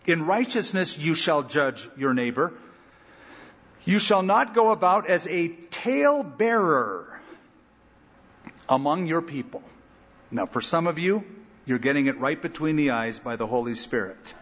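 Middle-aged male pastor, emphatic preacher, slightly husky, raised pitch, lo-fi sanctuary recording with long echo. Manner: animated, emphatic preaching with dramatic pauses and asides. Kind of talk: verse-by-verse sermon with closing prayer. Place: large church sanctuary. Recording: dull lo-fi recording with long hall reverb.

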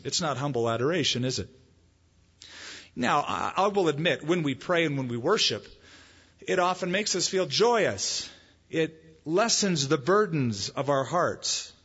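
Husky male preacher in an echoey hall. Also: on the high side, highs cut off. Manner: conversational preaching, lively emphasis. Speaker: pastor. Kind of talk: sermon.

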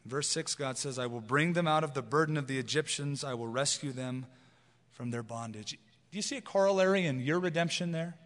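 Earnest pastor preaching in a reverberant hall. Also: male voice, mid-range voice, fairly bright tone. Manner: earnest, emphatic, slows for scripture, mocks guilt-preaching. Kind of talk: expository sermon.

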